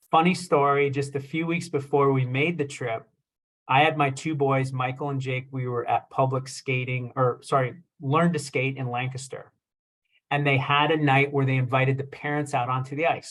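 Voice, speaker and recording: A man's voice: medium pitch, fairly bright tone. A young man, a chiropractor, giving a casual talk and telling a self-deprecating story with lots of fillers. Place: presentation with slides.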